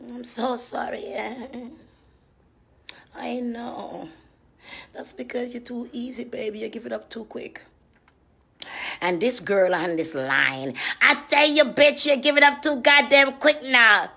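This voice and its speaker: Woman, preachy profane comic rant, high pitched, unhurried delivery. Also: creaky. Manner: profane, preachy, shifts between hushed whispers and loud shouting. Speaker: comedian.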